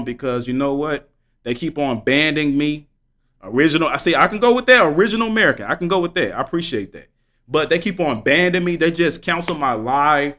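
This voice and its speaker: A man's voice: mid-range voice, pushed and bright. A man livestreaming, talking fervently and preachily straight to his viewers in slangy speech that repeats points for emphasis. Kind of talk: live stream commentary.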